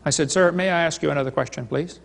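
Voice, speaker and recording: Man, fairly high voice, seminar lecture, joking storyteller, long hall reverb. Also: fast, vocal fry. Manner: joking storyteller, retelling dialogues. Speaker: creationist seminar speaker.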